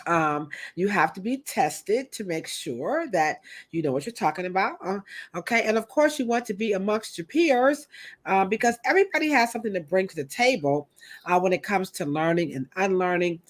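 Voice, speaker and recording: A woman co-hosting a hair podcast in a chatty, animated way, turning often to her co-host. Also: medium pitch, normal speed. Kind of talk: casual podcast chat.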